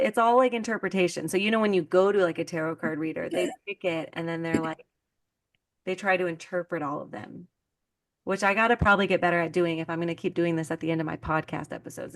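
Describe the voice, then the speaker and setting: A woman's voice: lowish voice, steady tone, quick pace. A woman hosting a podcast in casual chat, talking loosely with many "like" fillers. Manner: chatty, heavy use of "like" fillers. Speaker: podcast host.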